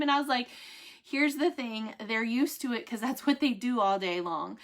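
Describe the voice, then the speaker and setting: A woman's voice: a little high, moderate pace. A woman, chatting candidly to her viewers, laughing often and speaking with faith. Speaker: vlogger giving a family health update. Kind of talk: casual chat to camera.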